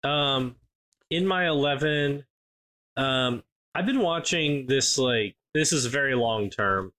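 A man's voice: medium pitch, slow, sharp tone. Rambling man in casual podcast chat. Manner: rambling, many fillers and restarts. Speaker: podcast co-host.

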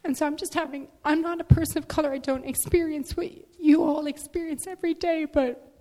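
A woman's voice: sits high, steady tone, mellow. Hesitant woman speaking up from the floor. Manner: hesitant, halting, repeats words. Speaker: congregant asking a question. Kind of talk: emotional question from the floor. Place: mosque prayer hall. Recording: long hall reverb.

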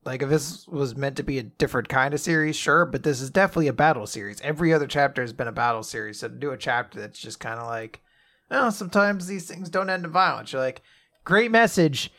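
A man's voice: medium pitch, quick pace, few pauses, a bit bright. A man co-hosting a casual manga podcast, giving wry opinions and playful mock quotes. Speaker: podcast co-host. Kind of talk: casual chat about manga.

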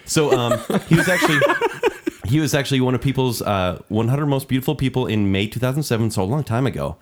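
A man's voice: medium pitch, animated, fast, slight background noise. A man hosting a podcast who also edits it, joking in casual chat. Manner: joking, wry. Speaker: podcast host and editor.

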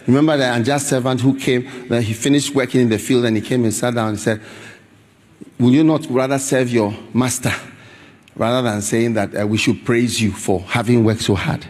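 A man preaching a sermon in an animated, pleading way, often breaking into shouts. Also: medium pitch. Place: large church hall with congregation. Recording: church hall reverb, live crowd.

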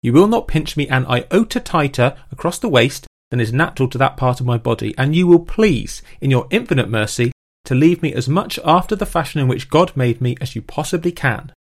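A man voicing a haughty young dandy who gives crisp, precise orders in a read-aloud period scene. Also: mid-range voice, lively intonation, a little fast.

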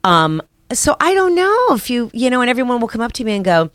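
A woman's voice: fairly high pitch, sing-song, brisk, fairly bright tone, dry recording, studio quality. A woman actress, chatting casually in an interview with lots of fillers and restarts. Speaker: actress guest.

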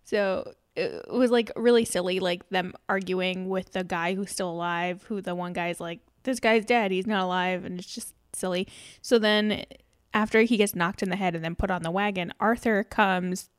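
Woman, mid-pitched, giggly casual recapper, dry close sound. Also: steady tone, normal speed, clear, resonant tone, dry recording. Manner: giggly, loose, lots of fillers. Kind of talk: casual chat recapping a movie.

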